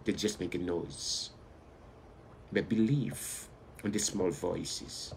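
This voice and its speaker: A man preaching a live online sermon with fervent exhortation. He calls out loudly, then drops low, and speaks English with non-standard grammar. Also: takes it slowly, a little hiss or hum.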